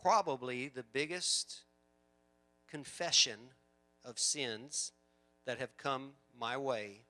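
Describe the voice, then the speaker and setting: Speaking slowly and expressively in a mid-range voice, a male pastor preaches. His sermon alternates forceful, loud declarations with hushed stories, sprinkled with conversational asides and repeated words.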